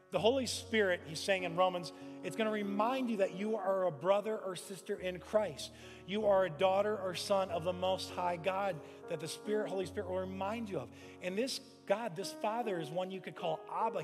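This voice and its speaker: High-voiced pastor preaching in a reverberant hall. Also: male voice. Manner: impassioned, conversational preaching with personal stories. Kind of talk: sermon. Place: large church sanctuary.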